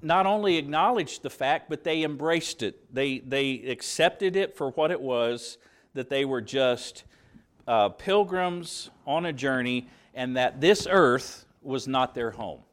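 A man from southern Indiana, USA preaches a sermon slowly in a mid-range voice, earnest and conversational, with fillers and restarts.

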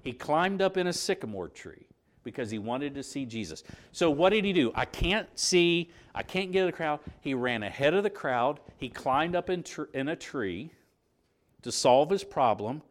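A man preaching a conversational sermon, halting and circling back mid-sentence, often putting rhetorical questions to his listeners. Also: mid-range voice, very animated.

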